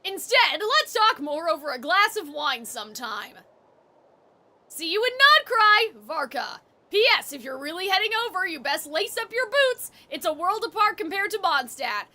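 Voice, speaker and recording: A woman's voice: extremely high pitch, sing-song, normal speed, sharp tone. A young woman streamer chatting while reading game text aloud and reacting to chat.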